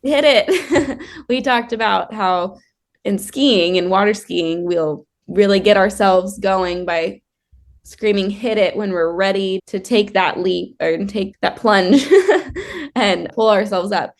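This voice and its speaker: A woman's voice: mid-range voice, takes it slowly. A woman co-hosting a podcast, telling stories in a casual way and laughing often. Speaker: podcast co-host.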